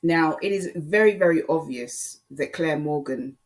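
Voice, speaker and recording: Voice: medium pitch, unhurried. A YouTube commentator giving a casual, opinionated monologue and speaking directly to viewers and other creators.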